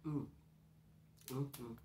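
A middle-aged woman with a drawl tells a story in a relaxed, confiding way, humming between mouthfuls. Her voice sits low, and she sounds slightly stuffy from a runny nose. The room around her is noticeably echoey. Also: very slow. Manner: chatty, confiding, talks between bites with hums. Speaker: mukbang host. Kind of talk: casual storytelling while eating. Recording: roomy echo.

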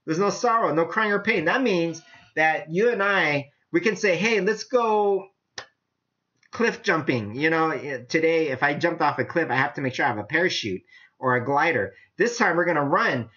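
A man preaching a casual sermon, animated and chatty, often laughing as he talks. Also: fairly high pitch, a little fast. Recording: dull lo-fi sound.

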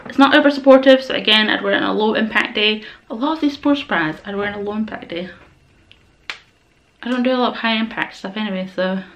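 A woman's voice: fairly high pitch, a bit bright. A young woman chatting casually through a gym wear haul, rambling and enthusiastic, a little out of breath. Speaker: vlogger.

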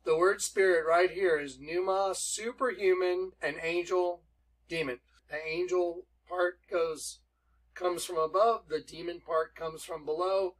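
High-voiced man preaching scripture. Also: steady tone, poor audio. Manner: emphatic, reads scripture aloud slowly. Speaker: Bible teacher. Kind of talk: preaching Bible study.

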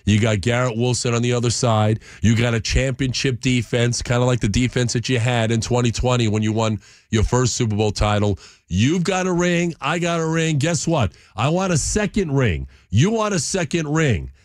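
A man playing a veteran quarterback selling a team over the phone, flattering, mid-pitched, dry sound. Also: moderate pace, dry recording, natural voice. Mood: persuasive. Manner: flattering, salesy.

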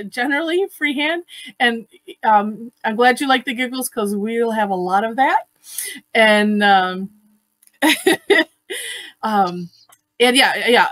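Chatty giggly lady running a live art class on a video call, kinda high voice, dry sound. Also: fairly bright tone, no room sound. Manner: chatty, giggly, many fillers and restarts. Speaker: online art class host. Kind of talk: casual live-stream teaching.

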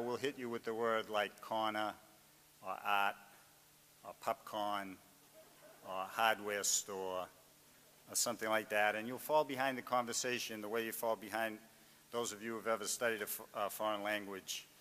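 A low-voiced man with a thick Boston accent talks earnestly, often starting over mid-sentence. His voice trails off into a long hall reverb. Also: a bit bright, slight background noise. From Greater Boston. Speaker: author. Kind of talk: reflective interview and address to students.

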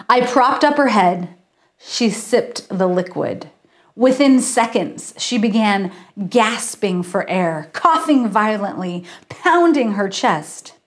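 A woman author reading her mystery story aloud on a livestream and chatting with viewers. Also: mid-range voice. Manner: chatty, laughs at herself.

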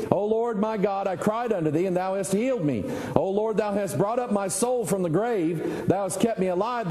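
Folksy pastor in echoing hall. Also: male voice, high-pitched, warm tone. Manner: folksy, conversational preaching with rhetorical questions. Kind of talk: sermon.

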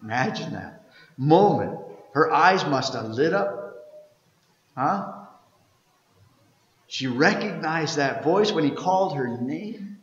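A man preaching an Easter sermon as pastor, telling the story and reading scripture aloud, swinging from loud to hushed. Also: fairly high pitch, expressive, slow, long pauses, roomy sound, big-room sound, highs cut off. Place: church sanctuary.

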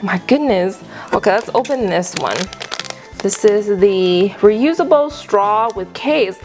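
A woman hosting an unboxing video, gushing excitedly with frequent gasps and exclamations. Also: mid-range voice, a little slow, over music. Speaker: unboxing channel host. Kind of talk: casual unboxing review.

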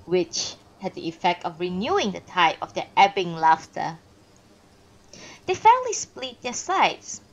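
A woman reading a classic novel aloud on a live stream, expressive with pauses and small self-corrections. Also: on the low side, dull audio. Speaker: narrator and streamer.

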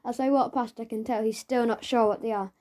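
A woman narrating a children's audiobook in the first person as a schoolboy, lively and storytelling. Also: a little high, a little fast.

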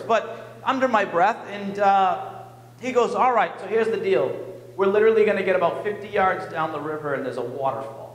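A male pastor telling a personal story in an animated, self-mocking way during a sermon in a church. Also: high voice, normal speed, a little hiss or hum. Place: church sanctuary. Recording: echoey church hall.

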